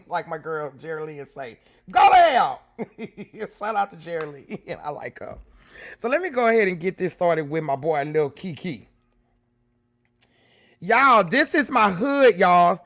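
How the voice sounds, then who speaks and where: A woman from Houston with a Southern accent, hosting a livestream in excited casual chat, loud and full of laughter and slang. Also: on the low side, measured pace. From Houston, Texas. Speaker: livestream host.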